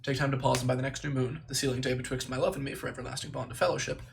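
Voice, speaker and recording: A man streaming live, thinking aloud and reciting memorized lines in quick bursts, stopping to correct himself. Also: mid-range voice, level tone, creaky, noisy background. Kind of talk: casual livestream chat, reciting lines from memory.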